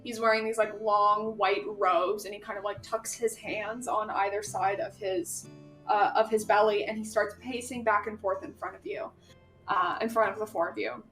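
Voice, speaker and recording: A woman narrating as game master of a tabletop game, unhurried with many fillers. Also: medium pitch, fairly even intonation, a bit bright, far from the mic, soft background music.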